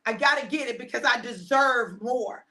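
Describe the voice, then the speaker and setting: On a live stream, a woman in her fifties gives her viewers a casual pep talk. Her voice is fairly high and her pace moderate, and she leans on heavy repetition and emphasis, sometimes preaching and sometimes slipping into hushed asides.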